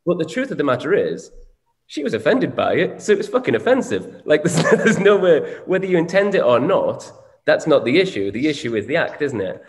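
A man's voice: on the high side, very animated, fairly quick. A man, co-hosting a candid conversation, reflective and swearing casually. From Northern England. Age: 40s. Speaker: co-host. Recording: echoey room with long reverb.

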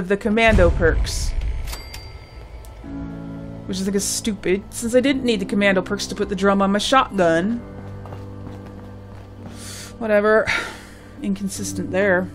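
A woman's voice: mid-range voice, steady tone, slow pace, long pauses, faint music behind. A woman hosting a let's play, giving gameplay commentary and thinking aloud with muttered asides.

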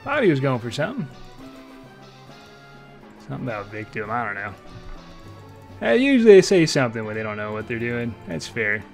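A young man giving live gameplay commentary, excitable and trash-talking, swinging between low mutters and loud shouts. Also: fairly quick, long pauses, soft background music. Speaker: streamer playing an online game.

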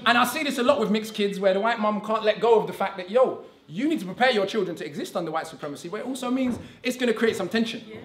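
Guy talking quick at a conference, highish bright voice, lots of "right?", echoey hall. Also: slight background noise. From England. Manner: animated and conversational, tags lines with "right?". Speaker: conference speaker. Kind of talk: public talk.

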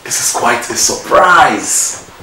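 An amused, chatty man with a Nigerian accent, his pitch swinging freely. He speaks slowly in a roomy, echoing space. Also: very animated, sharp tone, slight background noise, heavily acted. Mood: pleasantly surprised. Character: welcoming host man, cheerful. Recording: roomy echoing indoor sound.

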